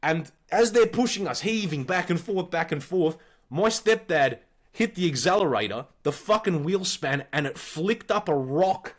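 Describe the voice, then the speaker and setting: An Australian man in his forties tells stories in a casual, animated way, peppered with swearing. His voice sits a little high for a man, and his delivery is blunt and lively. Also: moderate pace. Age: 40s. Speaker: podcast co-host. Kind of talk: casual storytelling.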